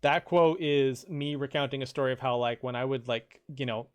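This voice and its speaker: In casual, wandering conversation on his game stream, a man reads out quotes from viewers and jumps to loud, high voices when quoting. His pace is moderate.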